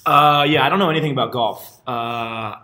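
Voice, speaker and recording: A man's voice: mid-range voice, moderate pace, bright, forceful tone, reverberant. A man co-hosting a podcast, dry and self-deprecating in casual banter. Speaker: podcast co-host.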